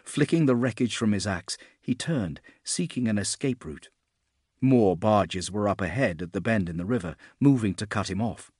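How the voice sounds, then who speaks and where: Deep-voiced male fantasy narrator. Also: slightly rough, no echo, clean studio sound. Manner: steady, measured storytelling. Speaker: audiobook narrator.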